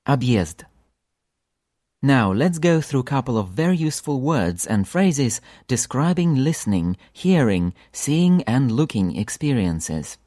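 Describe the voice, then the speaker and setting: A man's voice: mid-range voice, a little mellow, no room sound. Patient male language teacher, dry close sound. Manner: clear, patient, repeats words slowly for drills. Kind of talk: scripted lesson narration.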